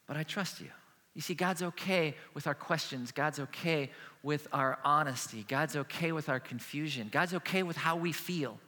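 A man's voice: fairly high pitch, moderate pace, hardly any pauses. A man preaching a sermon as a pastor, earnest and conversational, speaking plainly about faith and struggle. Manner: earnest, conversational preaching with a hushed closing prayer. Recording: long hall reverb.

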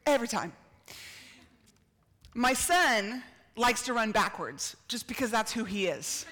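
A middle-aged woman tells stories in an animated sermon, throwing herself into acted-out quotes. Her voice is high and sharply bright. It carries a long reverb from a big hall. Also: measured pace. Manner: animated, acts out quotes, laughs and shouts. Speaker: speaker at a church gathering. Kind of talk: storytelling sermon.

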